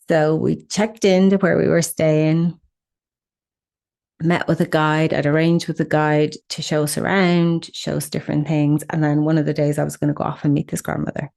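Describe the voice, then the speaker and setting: Woman podcaster w a low deep voice, really expressive storyteller. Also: a little slow. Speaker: podcast host.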